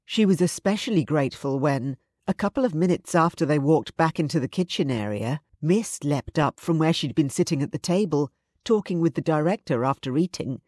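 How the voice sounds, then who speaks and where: A woman narrating a romance audiobook in an even, measured storytelling voice. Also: sits low, dry recording, clean studio sound. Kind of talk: scripted narration.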